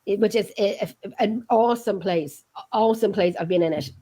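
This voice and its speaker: A woman's voice: medium pitch, a little fast, dark tone, slightly rough. An Irish woman hosting a chat show, chatty and enthusiastic, often repeating her phrases. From Ireland. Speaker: host.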